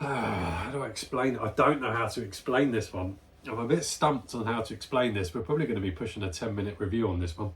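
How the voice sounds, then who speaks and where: A man's voice: fairly low pitch, fast, hardly any pauses, a little hiss or hum. A man hosting his own beer review vlog, chatting casually and enthusiastically as he smells and tastes a beer. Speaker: beer reviewer, channel host. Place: at home, near a barbecue area.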